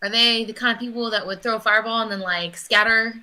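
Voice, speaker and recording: A woman's voice: a little high, fairly even intonation, fast talker, sharp tone, rough recording. A woman playing a tabletop game, chatting casually and asking lots of questions. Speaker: player.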